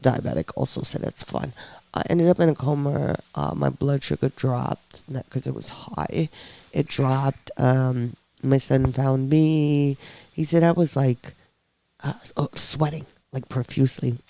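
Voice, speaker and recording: A woman on a podcast telling her own story in a casual, lively way, acting out the voices of people she quotes. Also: very deep voice, unhurried, creaky.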